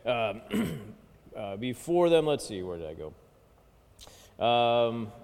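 A man's voice: medium pitch, expressive, takes it slowly, a little mellow, clean tone. A male pastor giving a conversational sermon, often checking in with "okay" and "right". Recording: long hall reverb.

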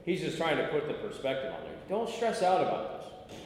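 In an echoey, reverberant room, a man runs a conversational Bible study class, asking questions, explaining Greek vocabulary, and repeating "okay" often. His voice is slightly high and sing-song, his pace a little quick. A light hiss or hum sits under it.

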